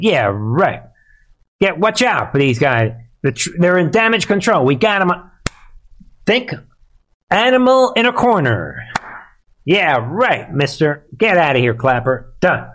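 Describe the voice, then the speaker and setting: A man's voice: on the high side, big pitch swings, measured pace, fairly bright tone. A man hosting a live political commentary show, speaking straight to his audience in a sarcastic, emphatic way.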